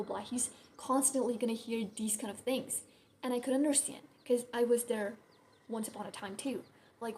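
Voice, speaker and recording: Blunt young woman venting, higher voice. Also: warm tone, slight background noise. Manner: blunt, swears a lot, heavy use of "like". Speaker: vlogger. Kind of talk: casual venting monologue.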